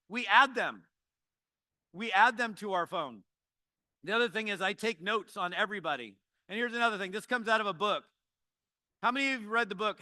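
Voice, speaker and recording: A man in his fifties who trains network marketers, giving a motivational talk to an audience with joking, animated storytelling. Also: high-pitched, smooth, no room sound.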